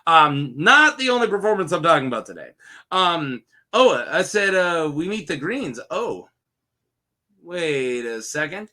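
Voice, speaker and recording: Reviewing a TV episode on his own, a young man chats casually in a rambling, jokey way and often laughs at his own asides. His voice is on the high side and sharp-toned, swinging widely in pitch at a measured pace.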